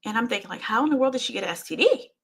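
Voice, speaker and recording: A woman's voice: a little high, lively intonation, very fast, breathy edge. A woman hosting her own show, telling a painful personal story with intensity, often repeating herself and speaking straight to her listeners. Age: adult parent.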